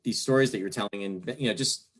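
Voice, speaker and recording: A man's voice: on the low side, quick pace. A man hosting an interview over a video call, talking casually with a few hesitations. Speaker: podcast host.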